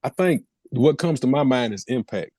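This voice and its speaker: A man co-hosting a podcast, speaking thoughtfully and agreeably in a relaxed way. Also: medium pitch, moderate pace, dry recording. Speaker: podcast co-host. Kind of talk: casual podcast talk.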